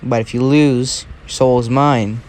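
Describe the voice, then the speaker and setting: A man's voice: medium pitch, steady tone, unhurried, darkish tone, lightly acted. Brief: a cocky soul-dealing devil boy, taunting and casual, as a man telling the story puts him on. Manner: casual, rambling delivery.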